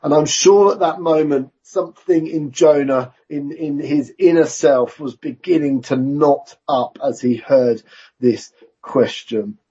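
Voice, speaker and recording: A man preaching a sermon in a church, measured and conversational with self-aware asides. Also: on the high side, dark tone, husky. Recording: dull lo-fi recording.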